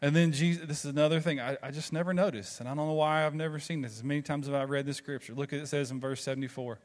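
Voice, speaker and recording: Talking very fast, this Southern pastor has a voice on the high side and fairly even intonation. The man, from the Southern United States, preaches by telling stories conversationally and firing rhetorical questions at the congregation.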